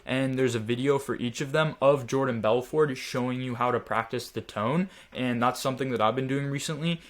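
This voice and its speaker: A man's voice: medium pitch, fairly quick. Casual young man teaching sales. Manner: casual, filler-heavy explaining, demonstrates tones. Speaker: sales trainer. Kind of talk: screen-share training lecture.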